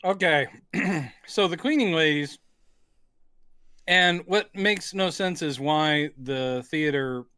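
A man's voice: on the high side, slow pace, sharp tone, smooth, no room sound. A man co-hosting a casual film-review podcast, wry and playful as he retells scenes. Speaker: podcast co-host.

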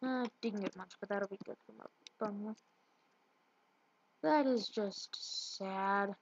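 A woman's voice: medium pitch, slow. Rambling woman with a muffled, hissy mic. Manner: rambling, trips over words. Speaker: let's play gamer. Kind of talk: casual gameplay commentary. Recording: muffled lo-fi with loud hiss.

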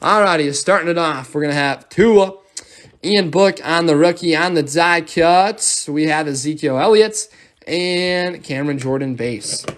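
A man's voice: a little high, measured pace. A young man hosting a live sports card break, rattling off player names and thanking viewers as he opens packs.

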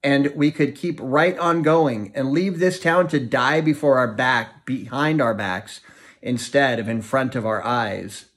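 A man's voice: medium pitch, measured pace, fairly bright tone, natural voice. A man voicing a blunt, matter-of-fact middle-aged father in an audiobook reading.

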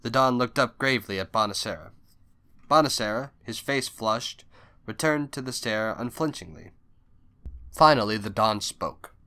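Bright-voiced male audiobook narrator. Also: fairly low pitch, animated, normal speed, clear, resonant tone. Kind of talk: scripted narration.

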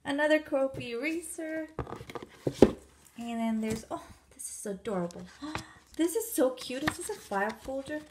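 Woman unboxing gifts, high voice, gasps and gushes nonstop. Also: normal speed, heavy background noise. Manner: gushing, gasping excitement, soft exclamations. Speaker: vlogger. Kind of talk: gift unboxing vlog.

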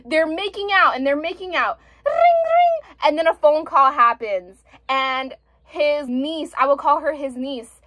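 A woman's voice: high voice, measured pace, hardly any pauses, bright, forceful tone, dry recording. A young woman reviewing a book in a casual vlog, ranting with exasperation and frequent swearing.

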